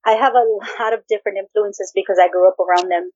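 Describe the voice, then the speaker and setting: A woman's voice: medium pitch, fairly even intonation, quick pace, darkish tone, no echo. A woman co-hosting a casual podcast, playful and teasing, laughing and swearing, slipping Spanish phrases into her talk. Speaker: podcast co-host. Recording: dull lo-fi recording.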